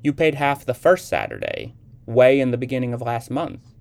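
A man's voice: normal speed, clean tone, lightly acted. A man reading aloud, voicing a blunt, fed-up fifteen-year-old girl in a raised voice. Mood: annoyed. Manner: raised pitch for the girl's lines.

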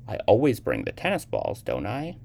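Haughty spoiled teenage girl, cold and pouty, gravelly undertone, read by a man. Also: wildly swooping pitch, moderate pace, darkish tone, exaggerated voice. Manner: raised pitch for the girl's lines.

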